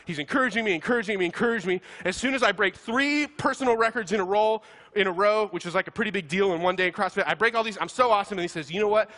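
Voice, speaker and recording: Male pastor, bright and forceful tone, animated comic sermon storyteller. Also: high voice, very fast. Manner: animated, self-deprecating, laughs while talking.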